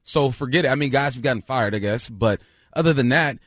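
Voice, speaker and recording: A man's voice: medium pitch, fairly quick, fairly bright tone, no echo, studio quality. A male co-host giving blunt takes in casual sports talk, leaning on stock phrases. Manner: blunt, repeats himself.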